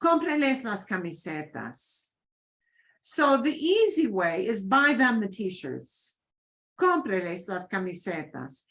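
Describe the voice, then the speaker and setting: A woman's voice: mid-range voice, big pitch swings, slow, fairly bright tone. A woman teaching a beginners' Spanish class, patiently repeating phrases for her students to echo.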